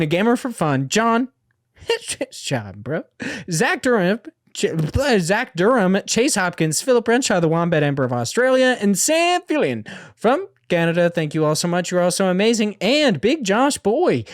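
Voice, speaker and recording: A man's voice: sits high, no echo, studio quality. A man co-hosting a podcast in a casual, joking way, often poking fun at himself. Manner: joking, self-mocking. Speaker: podcast co-host.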